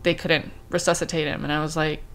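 Grieving woman telling a halting story. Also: sits low, little pitch movement, a bit bright. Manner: halting, many fillers and restarts, recounting quoted talk. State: grieving, subdued. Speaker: vlogger. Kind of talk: personal storytelling vlog.

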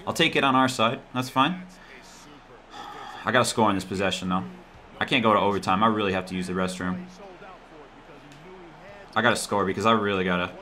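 A man's voice: on the low side, brisk, long pauses. A man talking over his own basketball video game, cheering and groaning at the players and muttering to himself between plays. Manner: excitable, talks to the players on screen, swings from mutters to yells. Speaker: gaming YouTuber. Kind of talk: live gameplay commentary.

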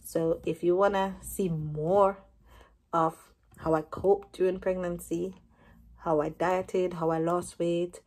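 A woman in her thirties telling a personal story to camera as a vlogger, lively and acting out what each person said. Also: lowish voice, takes it slowly. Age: 30s.

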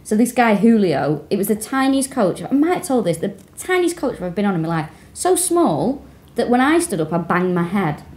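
A woman co-hosting a comedy podcast and telling playful anecdotes. Her voice is warm and mellow, and her pitch swings a great deal as she talks. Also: normal speed. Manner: animated, playful storyteller. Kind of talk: casual comedic chat.

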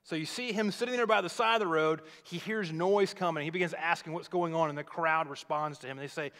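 A pastor preaching a sermon, retelling a scripture story in a conversational, explaining way. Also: male voice, a little high, brisk, a bit bright. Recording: long reverb of a large hall.

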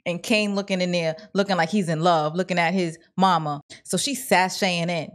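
Woman, casual TV recap, slangy, blunt, animated, acts out lines. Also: on the low side, moderate pace, hardly any pauses. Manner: opinionated and blunt. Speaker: TV recap vlogger.

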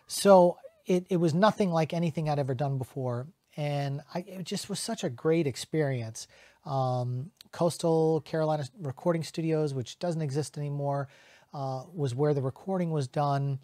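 Middle-aged man, voice actor, casual chat, animated, slightly higher pitch, dry close sound. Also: no echo. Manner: animated, breaks into quick character voices and sound effects. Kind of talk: casual reminiscing to camera.

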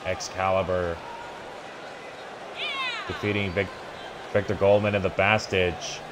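A man giving excited play-by-play commentary over a wrestling video game, breaking into startled exclamations and stumbling over restarts. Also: deep voice, takes it slowly, heavy background noise.

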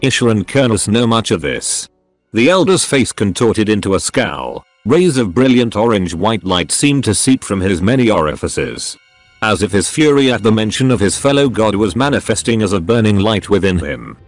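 Low synthetic male storyteller. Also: animated, moderate pace, no room sound, soft background music. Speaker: narrator.

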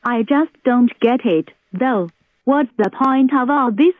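A woman's voice: a little high, takes it slowly, no room sound. A synthetic female text-to-speech voice playing a defiant, exasperated computer user in a cartoon. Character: annoyed computer user fighting a forced install. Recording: dry tinny phone-like audio.

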